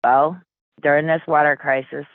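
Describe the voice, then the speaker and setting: A woman's voice: sits low, flat delivery, moderate pace, no echo. A woman guest telling her story over the phone, blunt and earnest, swearing casually. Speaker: interview guest. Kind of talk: emotional personal storytelling. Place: Flint, Michigan. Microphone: phone call. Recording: tinny phone line.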